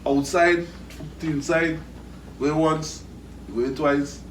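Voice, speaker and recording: A man hosting an outdoor group interview, calling out questions to the crowd with lively energy. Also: on the high side, slow pace. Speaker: interview show host. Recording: echoey, distant, noisy outdoor ambience.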